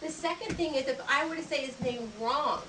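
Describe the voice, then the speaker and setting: A brisk, high-pitched woman teaches etiquette to a group of children, playing out handshakes and greetings with upbeat, teacherly energy. The setting is a library program room, and the audio is echoey, distant, and noisy in the background.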